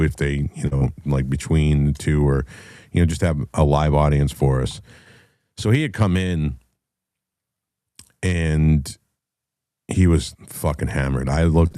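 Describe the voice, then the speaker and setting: A man's voice: very deep voice, mellow, no echo, studio quality. A man hosting a show, telling a story in a blunt, profane, casual way. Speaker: podcast host.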